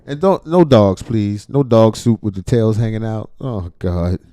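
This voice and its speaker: A man giving casual, profane reaction commentary, with loud outbursts and frequent laughter. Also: fairly low pitch, a little slow, no echo, clean studio sound, faint music behind. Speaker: reaction streamer.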